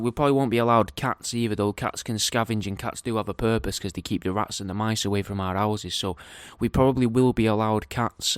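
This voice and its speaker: A man's voice: on the low side, clean tone, no room sound. A man rambling through a profane, comically speculative solo rant. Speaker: podcaster giving a daily update.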